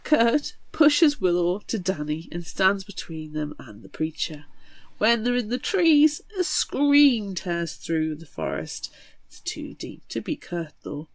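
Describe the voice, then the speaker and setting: A woman co-hosting a book podcast, retelling a horror novel in a lively, swearing, dramatic way. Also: fairly low pitch, takes it slowly, creaky, no echo. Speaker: podcast co-host. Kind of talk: casual book recap chat.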